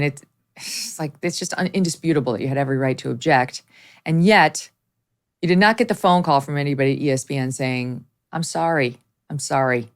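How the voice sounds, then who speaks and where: A woman's voice: low-pitched, clear, resonant tone. A woman hosting an interview, affirming and sympathetic toward her guest. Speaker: host.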